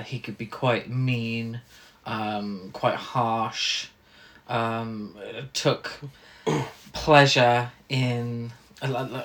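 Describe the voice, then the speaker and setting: A man co-hosting a film podcast, talking casually with frequent pauses and ums. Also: medium pitch, a bit bright. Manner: hesitant, many ums. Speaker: podcast co-host.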